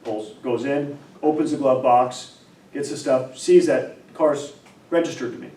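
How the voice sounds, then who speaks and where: A man's voice: mid-range voice, measured pace, mellow. Guy professor ranting and telling a story, keeps restarting words, echoey room, kinda far from the mic. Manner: emphatic, repeats and restarts words when heated. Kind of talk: animated casual discussion and storytelling. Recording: roomy, distant mic, faint background noise.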